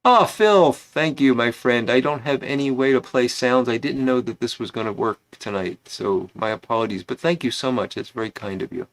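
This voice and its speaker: A man's voice: mid-range voice, fairly even intonation, brisk, few pauses. A man hosting a casual pipe-smoking livestream, rambling and chatty as he greets viewers by name.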